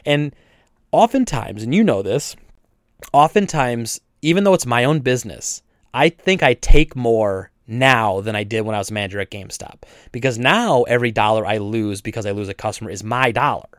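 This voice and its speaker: A man who owns a video game store, telling a story in casual chat, animated and indignant, with many restarts and voices for each side. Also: mid-range voice, moderate pace, no echo, clean studio sound. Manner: animated retelling, acts out both sides with frequent restarts.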